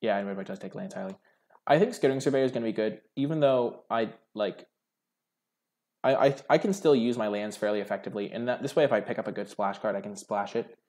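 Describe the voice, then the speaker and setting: A man's voice: on the low side, quick pace, darkish tone. A young man hosting a card game video, thinking aloud over his draft picks in a musing, hesitant way full of filler words.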